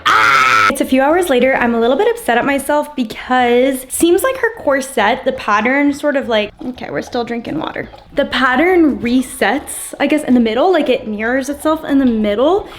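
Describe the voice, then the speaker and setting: A young woman vlogging at home as she crochets, chatty and excitable, talking to the camera on a stand. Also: high-pitched, normal speed, few pauses. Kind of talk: casual talk-to-camera vlog.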